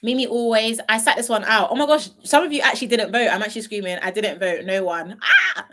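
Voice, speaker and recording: A woman's voice: medium pitch, fast, background noise. Young woman, stream host, playful and rambling, lots of ums. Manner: chatty, playful, laughs often, trails off with ums. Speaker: reality show commentator. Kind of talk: casual live-stream chat reading viewer comments.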